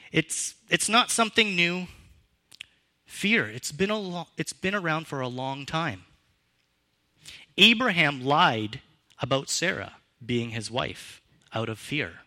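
A man delivers a sermon from the pulpit, bright and forceful in tone. He speaks slowly and deliberately. His pitch swings widely for emphasis, and his voice grows louder and softer as he drives each point home. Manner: expressive, varies pitch and loudness for emphasis. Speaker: pastor.

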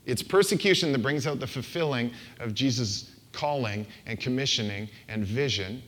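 A man's voice: medium pitch, moderate pace, a bit bright. A male pastor gives a sermon into a handheld microphone. His delivery is casual and talky, and he slips into quoted voices to make his points. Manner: conversational and playful, acts out quoted voices.

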